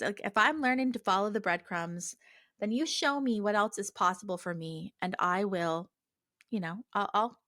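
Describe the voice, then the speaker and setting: A woman hosting a spiritual podcast, talking casually and earnestly, with many fillers and soft asides. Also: mid-range voice, no echo, clean studio sound. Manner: chatty, earnest, many fillers, voices her own prayers softly. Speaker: podcast host.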